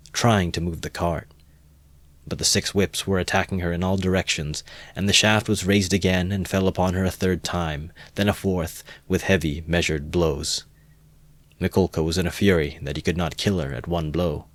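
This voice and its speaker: Deep-voiced man reading a novel. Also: no room sound. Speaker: narrator. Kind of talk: amateur audiobook narration.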